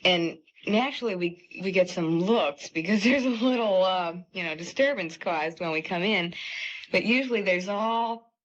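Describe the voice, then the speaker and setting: A woman's voice: mid-range voice, moderate pace. A woman in a touring singing group, chatting in a radio interview and telling stories with frequent laughs. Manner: lively storyteller, laughs often. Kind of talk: casual interview chat. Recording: muffled 1970 radio broadcast recording.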